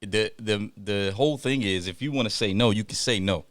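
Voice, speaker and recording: A man co-hosting a podcast, arguing and joking in a casual, animated way, often cutting in. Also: on the low side, a little fast, no echo, clean studio sound. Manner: animated, interrupting, laughs often. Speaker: podcast co-host. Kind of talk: casual debate chat.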